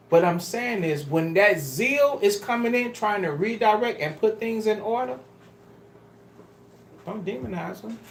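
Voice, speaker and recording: A man's voice: very high-pitched, a little hiss or hum. A man preaching a sermon to a congregation, emphatic and pleading, with casual street-style phrasing. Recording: roomy echo.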